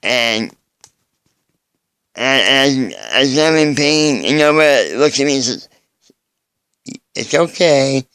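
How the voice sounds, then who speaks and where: An earnest man speaks in a personal video message, halting and often starting his thoughts over. His voice is smooth and clear at a middle pitch, and it sounds close and dry. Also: big pitch swings, bright, forceful tone, dry recording. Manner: earnest, halting, with frequent restarts.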